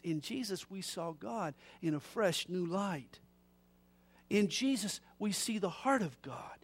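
A middle-aged man preaching a sermon, moving from soft, low passages to loud, slowed emphatic lines. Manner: builds from soft to loud, slowing on key phrases.

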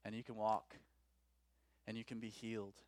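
A man preaching a sermon as pastor, rising to loud emphatic peaks and dropping to quiet, low lines. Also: little pitch movement, moderate pace, dry recording. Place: church.

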